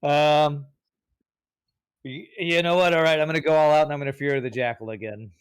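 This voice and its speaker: A man's voice: a little high, fairly even intonation, a little fast, clear, resonant tone. A man playing a tabletop game, thinking aloud as he explains each of his character's moves. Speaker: player. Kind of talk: casual tabletop game play.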